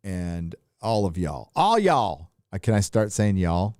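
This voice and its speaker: A man's voice: low-pitched, very animated, slow pace, darkish tone, no room sound, clean studio sound. A middle-aged man from California hosting a live stream, rambling and swearing casually while holding his mic. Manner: loose, rambling and profane, with frequent filler. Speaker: live stream host reading super chats. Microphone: handheld mic.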